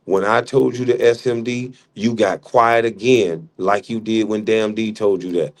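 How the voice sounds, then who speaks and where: A man's voice: fairly low pitch, steady tone, unhurried. A middle-aged man hosting a livestream, arguing heatedly with a rival and mocking him with frequent laughs. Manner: mocking, combative, laughs often. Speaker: livestream host.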